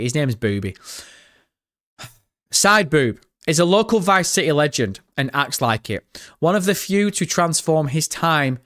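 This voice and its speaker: A man with a northern English accent hosts a live-stream reaction, chatty and joking as he reads viewer messages aloud. His voice sits slightly high for a man. The sound is close and dry, with no room around it. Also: a bit bright, no echo.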